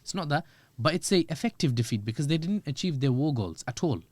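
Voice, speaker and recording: A man, a podcast guest giving animated, joking analysis with quick asides. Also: fairly high pitch, no room sound. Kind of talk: podcast discussion.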